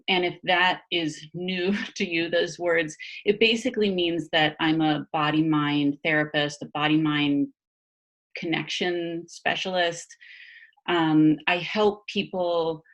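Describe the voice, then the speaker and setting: A woman speaking as a body-mind therapist guest in a casual conversation, animated, laughing often and using many fillers and restarts. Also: on the low side.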